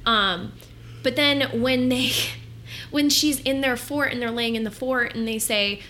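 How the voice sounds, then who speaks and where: A woman co-hosting a casual film-review chat, animated and chatty, swearing freely and saying "like" a lot. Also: a little high, measured pace, slight background noise. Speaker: podcast co-host.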